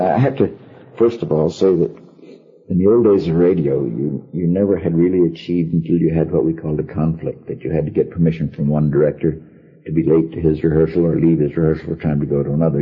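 An older man, a former radio actor, telling a wry funeral anecdote in an unhurried storytelling manner, on an archive recording. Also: rumbling low, lo-fi sound.

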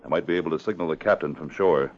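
An actor playing a calm, steady Mountie sergeant hero in an old radio drama, speaking with quiet authority. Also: male voice, rumbling low, quick pace. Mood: explaining. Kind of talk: 1950s radio drama acting. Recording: dull old radio recording.

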